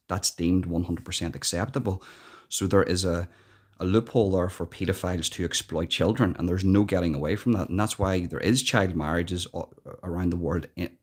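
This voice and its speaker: An Irish man hosting a live stream, giving earnest, emphatic commentary and often repeating words as he thinks, recorded without a proper microphone. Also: low-pitched. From Ireland. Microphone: built-in device mic, no external mic.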